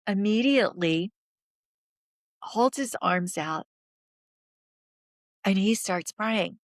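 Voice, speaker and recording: A middle-aged woman as an interview guest, telling a personal story in an earnest, halting way that drops to a whisper at its hardest points. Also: mid-range voice, no echo, studio quality.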